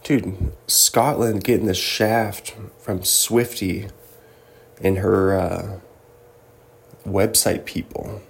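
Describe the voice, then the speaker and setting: A man's voice: sits low, flat delivery, extremely slow, gravelly. A young man hosting a casual solo commentary, joking and laughing often as he reads through a list. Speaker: host.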